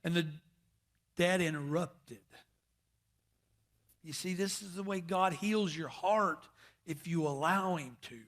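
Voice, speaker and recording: A man's voice: high voice, takes it slowly, pauses often, a bit bright. A man preaching a sermon in a plainspoken, folksy storytelling manner. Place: church service.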